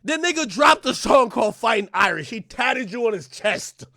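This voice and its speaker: A man hosting a livestream, ranting loudly and profanely, often laughing and now and then rapping lines in a casual chat. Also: extremely high pitch, lively intonation, moderate pace, vocal fry, no echo, studio quality. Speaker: livestream host.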